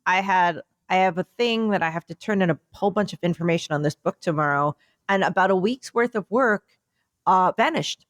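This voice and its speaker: Lower-voiced woman telling a rambling story. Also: brisk, no echo. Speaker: podcast co-host. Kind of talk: casual chat.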